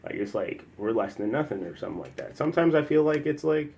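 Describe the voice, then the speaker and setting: A young man from the Chicago area tells a personal story in a loose, rambling way with lots of fillers, now and then bursting into loud acted quotes. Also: mid-range voice, expressive, fast talker, lo-fi sound. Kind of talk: casual spoken storytelling.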